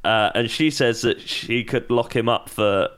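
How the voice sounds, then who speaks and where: Man, casual recap, smooth clear voice, wry chuckling asides. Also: medium pitch, unhurried, a bit bright. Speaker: podcast co-host.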